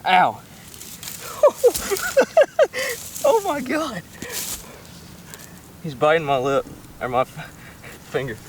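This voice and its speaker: A man vlogging outdoors by a small pond, shaky and keyed up, full of excited exclamations and coaxing the fish he's landing. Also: a little high, slow, long pauses, far from the mic, a little hiss or hum, poor audio. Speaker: fishing vlogger. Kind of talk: excited outdoor vlog commentary. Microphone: camera set up nearby.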